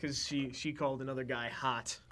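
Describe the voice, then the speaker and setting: A man's voice: medium pitch, level tone, normal speed, sharp tone. A young man co-hosting a comedy read-through, chiming in with matter-of-fact corrections. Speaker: co-host. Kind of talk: casual chat.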